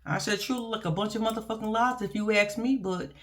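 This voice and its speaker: A woman giving a casual, profane and animated reaction vlog about a reality TV show, speaking. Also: medium pitch, fast talker. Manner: blunt, profane, animated and laughing. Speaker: reality TV commentator.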